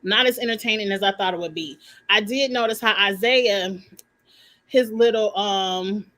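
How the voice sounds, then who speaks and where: A woman's voice: mid-range voice, normal speed, pushed and bright. A woman giving her blunt, opinionated take on a reality show in casual live commentary. She uses slang, swears, and talks straight to her viewers.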